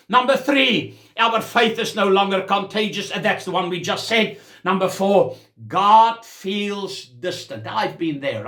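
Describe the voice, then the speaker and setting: A man's voice: high-pitched, sharp tone, echoey room. A man preaching a sermon as senior pastor, with a South African accent, exclaiming as he goes.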